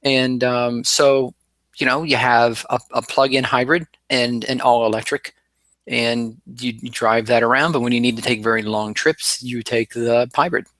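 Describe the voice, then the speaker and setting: Guy on a car podcast rambling thru stats, lots of ums, bright voice, dry mic. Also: medium pitch, steady tone, moderate pace, dry recording. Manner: rambling, many ums and restarts. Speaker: podcast co-host. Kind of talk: casual podcast talk.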